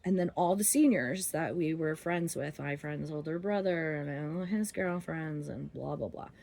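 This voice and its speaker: A woman's voice: deep voice, a little slow, creaky, darkish tone, slight background noise. Rambling, laughing woman telling a story. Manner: rambling, laughs often, many fillers. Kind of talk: casual spoken storytelling.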